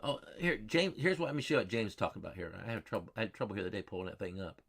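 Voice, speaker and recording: A man's voice: fairly low pitch, racing, fairly bright tone. A man hosting a live weather stream, chatting with viewers in a folksy, repetitive way and quizzing his chat. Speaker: weather livestream host.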